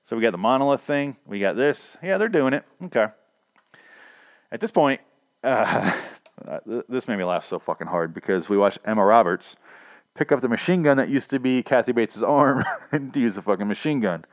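A man's voice: mid-range voice, lively intonation, moderate pace, no echo, studio quality. A man casually recapping a TV episode, rambling and profane, laughing at his own asides.

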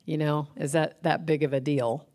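A middle-aged woman with a low voice co-hosts a relaxed faith-centered chat. She tells everyday stories in a lively, animated way. She laughs often as she talks. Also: moderate pace. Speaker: co-host.

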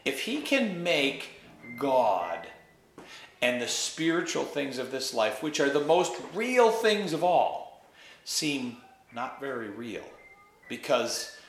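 Slow, expressive male preacher. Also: mid-range voice, music in the background. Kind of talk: reading a story aloud and preaching on it. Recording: echoey room.

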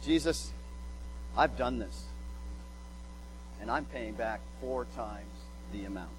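A man's voice: high-pitched, lively intonation, unhurried, a little hiss or hum, poor audio. A man voicing a repentant male tax collector who confesses his wrongs, in an earnest everyday tone.

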